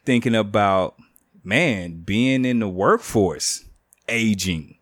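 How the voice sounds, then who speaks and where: A man's voice: lowish voice, takes it slowly, fairly bright tone, dry recording, studio quality. Laid-back man in his thirties hosting. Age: 30s. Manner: laid-back, joking, faith-minded. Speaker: podcast host. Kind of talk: casual chat.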